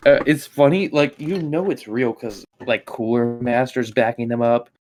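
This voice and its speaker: A man in a casual podcast chat, mid-pitched and blunt. He needles his friend with short, teasing jabs. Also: normal speed, noisy background. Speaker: podcast co-host.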